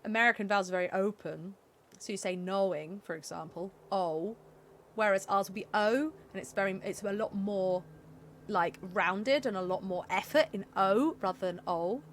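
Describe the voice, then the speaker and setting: A woman's voice: medium pitch, brisk, a bit bright, a little hiss or hum. Chatty Southern English woman streamer. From England. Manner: chatty and rambling, laughs often. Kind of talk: casual gameplay commentary.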